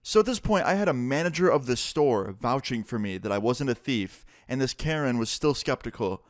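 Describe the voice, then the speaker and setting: A young man vlogger telling a story in a casual, animated way, swearing freely. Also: mid-range voice, a little fast, no echo, studio quality.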